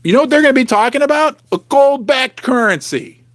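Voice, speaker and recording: A middle-aged man hosting a live stream from his basement, talking straight to viewers in an animated, emphatic way. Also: very high voice, a little fast, no echo, clean studio sound. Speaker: livestream host. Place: home basement.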